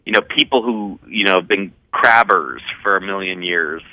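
A man's voice: low voice, normal speed, pushed and bright, dry recording, poor audio. A man from the Eastern Shore of Maryland, speaking, chatting as a podcast guest in a rambling way, full of "um" and "you know.". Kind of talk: casual conversational chat.

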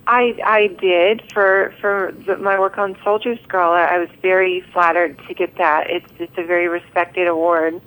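A woman guest in a casual interview, who pauses and repeats words while she thinks, heard over a thin phone line. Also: fairly low pitch, fairly even intonation, a bit bright, clean tone.

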